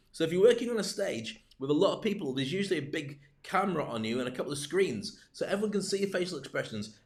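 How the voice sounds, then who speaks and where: A man coaching on public speaking in a livestreamed talk, full of joking, rambling asides. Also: on the high side.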